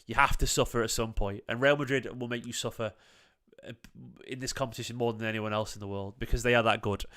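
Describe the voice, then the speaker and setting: A man's voice: mid-range voice, fairly even intonation, fast, pushed and bright. A man hosting a livestream reaction to a football match, talking casually, swearing now and then and repeating phrases for emphasis. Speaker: fan channel host.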